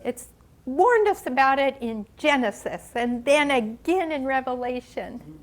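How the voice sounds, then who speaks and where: A woman's voice: high voice, expressive. An older woman telling a story dramatically at a ministry gathering, gasping, sighing and stretching out the suspense. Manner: dramatic, with gasps, sighs and drawn-out pauses. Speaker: ministry speaker. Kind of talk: animated children's storytelling. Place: church gathering.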